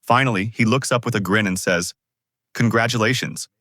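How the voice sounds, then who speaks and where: A man telling a string of jokes in a lively, scripted narration. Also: lowish voice, fast, dry recording, studio quality. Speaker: joke narrator.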